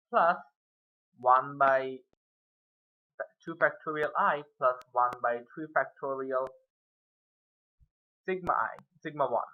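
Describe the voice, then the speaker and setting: A man's voice: fairly high pitch, lo-fi sound. Rambling self-mocking man teaching math. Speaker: math tutor. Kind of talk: casual whiteboard math lesson.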